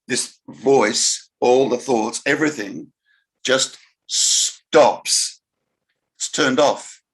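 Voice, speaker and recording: A man giving an unhurried spiritual talk, pausing often and musing gently. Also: medium pitch. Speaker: spiritual teacher. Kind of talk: slow reflective talk.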